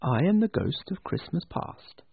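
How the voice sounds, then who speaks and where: A man voicing a childlike spirit, speaking softly and gently, a little higher than his own voice. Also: very animated, unhurried, creaky, slightly rough, exaggerated voice. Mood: gentle. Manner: soft and gentle. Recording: tinny phone-like dry sound.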